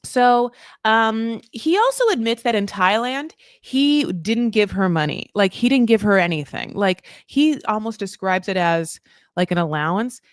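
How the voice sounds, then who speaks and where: With a medium-pitched voice, lively intonation, and a slightly slow pace, this reality TV recap host delivers casual live commentary. She's sarcastic and rambling, swears freely, and says "like" constantly. The recording is studio quality and echo-free.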